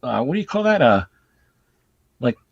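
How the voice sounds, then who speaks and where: A man's voice: medium pitch, very animated, normal speed, vocal fry, dry recording. A man hosting a casual movie chat, animatedly retelling scenes and swearing casually. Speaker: host. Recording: dull dry lo-fi recording.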